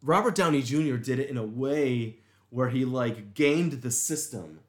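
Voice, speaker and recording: A man hosting a casual chat, telling stories in a rambling, animated way. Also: mid-range voice, a little slow. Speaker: podcast host. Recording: echoey room.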